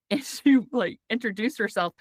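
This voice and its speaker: A woman's voice: a little high, unhurried, a little mellow, dry recording, clean studio sound. A woman hosting a podcast, chatting casually, telling stories and laughing often. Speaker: podcast host.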